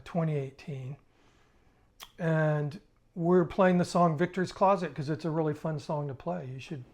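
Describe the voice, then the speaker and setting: An older man, a musician, recalling his past in a casual, halting spoken story with restarts. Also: fairly high pitch, a little mellow.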